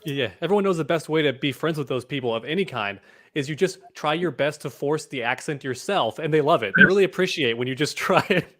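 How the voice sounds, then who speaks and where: American dude chatting, laughs a lot, lots of like, slightly high voice. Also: male voice, lively intonation, quick pace, fairly bright tone. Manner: laughs often, peppers speech with like. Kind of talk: casual chat.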